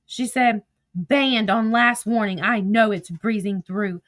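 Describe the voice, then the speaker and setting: A woman's voice: mid-range voice, takes it slowly, fairly bright tone. Profane, gossipy woman reading texts aloud. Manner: profane, laughing, gossipy storytelling. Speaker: social media streamer. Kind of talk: casual commentary reading text messages aloud.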